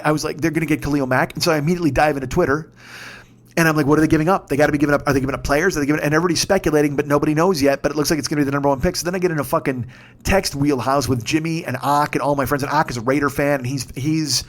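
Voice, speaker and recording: A man in his fifties, on the higher side for a male voice, spins a rambling story in loose, conversational monologue. He swears freely and gets worked up easily, his voice climbing whenever he gets excited. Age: 50s. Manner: profane, excitable, shouts when reliving moments. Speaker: podcast host.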